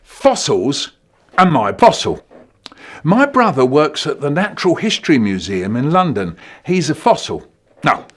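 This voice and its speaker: Lively, playful male storyteller. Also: a little high, unhurried. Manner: animated, playful, bursts into loud silly shouts. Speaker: comic storyteller. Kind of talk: comic storytelling for children.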